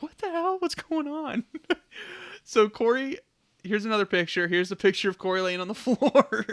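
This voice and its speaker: A man's voice: high voice, a bit bright, clear, resonant tone. A young man co-hosting a podcast, retelling a party story in a casual chat and laughing often. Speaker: podcast co-host. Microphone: podcast mic.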